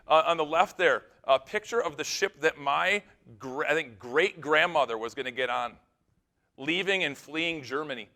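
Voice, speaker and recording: With a fairly high-pitched voice, a male pastor preaches a keynote sermon from a conference stage. His animated stories swing from loud bursts to hushed, grave moments.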